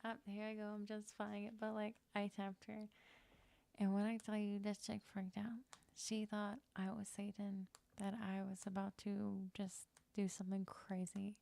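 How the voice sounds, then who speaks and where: A woman's voice: medium pitch, monotone, moderate pace, vocal fry, mellow. A young woman telling a long personal story on a live stream, candid and rambling, swearing freely, with lots of fillers. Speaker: livestreamer.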